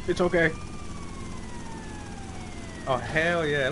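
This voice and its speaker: A man calls out live gameplay commentary in a high voice that leaps all over the place. He talks at an easy pace between his yelps and laughs. Game sirens and traffic are loud under him. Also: animated, a little slow, pauses often. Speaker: gamer streaming gameplay. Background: game sirens and vehicle noise.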